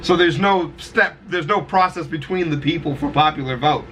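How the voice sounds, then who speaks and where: Male reaction host, higher-pitched and bright, teasing and jokey, faint noise. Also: normal speed. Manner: joking, teasing, talks over the video. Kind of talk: casual chat.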